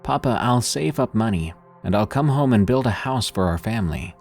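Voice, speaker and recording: A man's voice: fairly low pitch, expressive, normal speed, darkish tone, faint music behind, pitched above the performer's own voice. A man voicing a grieving immigrant man, heartbroken and bitter, speaking in a raised, pleading tone.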